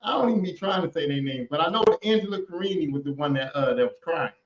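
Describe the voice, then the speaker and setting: High-voiced, argumentative man in an echoey room. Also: expressive, fast talker. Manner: emphatic, argumentative, calls out the others. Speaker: podcast co-host. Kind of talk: casual podcast chat. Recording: echoey room, dull lo-fi sound.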